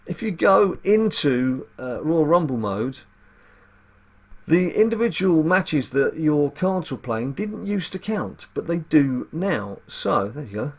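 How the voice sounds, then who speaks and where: A man with a husky, gravelly voice talks through a mobile card game. He keeps it casual and wry, musing aloud and throwing in dry asides to his viewers. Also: a little high, very animated, slow, darkish tone. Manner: chatty and wry, muttering asides to himself. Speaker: gaming channel host. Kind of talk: casual gameplay commentary.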